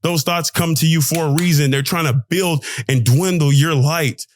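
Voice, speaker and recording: A man's voice: on the high side, normal speed, a little hiss or hum. A young man hosting a podcast, giving an emphatic, preachy motivational monologue full of slang, with his voice swinging up and down. He talks close to the mic. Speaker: podcast host, pro basketball player.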